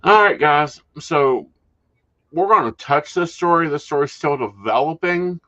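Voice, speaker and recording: A man with a bright, forward tone co-hosts a casual talk show. He relays news items with dry humor. The recording sounds a little dull and lo-fi. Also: on the high side, expressive, unhurried. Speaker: podcast co-host. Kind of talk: casual chat and reading news.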